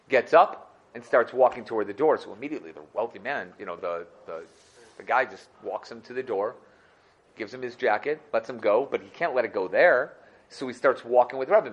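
A man teaching a Torah class, telling a story in a lively way and repeating phrases for emphasis. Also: mid-range voice, fairly quick, dull audio.

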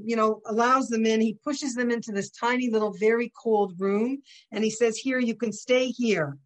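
A woman giving a religious lesson, telling a story in an animated way with some restarts. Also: on the high side. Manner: animated storytelling with restarts, softening toward the close. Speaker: religious teacher.

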